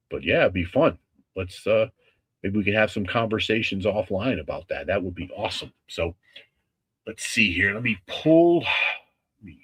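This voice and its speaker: A man hosting a casual livestream with a husky voice, talking in a rambling, halting way with many restarts. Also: on the low side, fairly bright tone. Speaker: livestream host.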